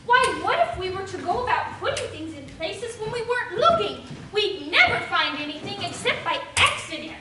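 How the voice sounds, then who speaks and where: A woman's voice: very high voice, big pitch swings, normal speed, hardly any pauses. A woman playing a sweet, dotty elderly lady with prim, old-fashioned manners in an amateur stage play, heard from far off in an echoey hall. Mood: fluttery.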